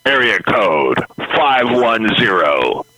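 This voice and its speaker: A man reading a short hotline promo in a slow, bold announcer manner. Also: on the low side, big pitch swings, sharp tone, no room sound.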